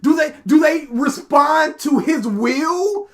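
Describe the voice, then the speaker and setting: A woman's voice: high voice, expressive, slow. A woman streamer ranting in casual commentary, exasperated and sarcastic, mocking characters in put-on voices. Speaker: streamer reacting live.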